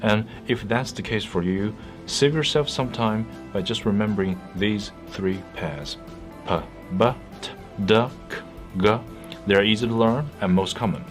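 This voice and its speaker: A man with a deep, low voice talks through a pronunciation tutorial in clear, patient, scripted narration. He is close to the mic, and faint music plays behind him. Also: normal speed, few pauses. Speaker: English pronunciation teacher.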